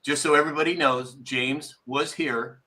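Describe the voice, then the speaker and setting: A man's voice: a little high, steady tone, moderate pace, bright, forceful tone. A man hosting a live-stream talk show, rambling casually and reading viewer comments aloud.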